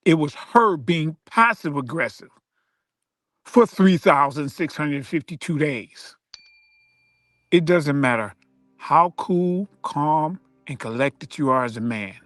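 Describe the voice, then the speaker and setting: A man hosting his channel, giving an emphatic, preachy commentary monologue with drawn-out repetition. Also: fairly high pitch, no echo, clean studio sound. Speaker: channel host.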